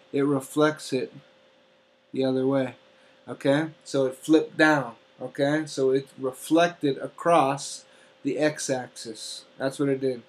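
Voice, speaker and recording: A man teaching an algebra lesson step by step, often checking in with "okay?". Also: on the high side. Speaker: math teacher. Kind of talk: classroom math lesson.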